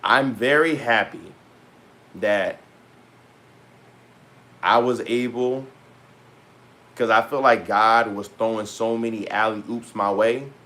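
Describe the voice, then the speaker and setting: A man's voice: on the low side, fairly bright tone. Loose, rambling man vlogging. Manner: loose, rambling, slangy, many pauses. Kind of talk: casual talk to camera.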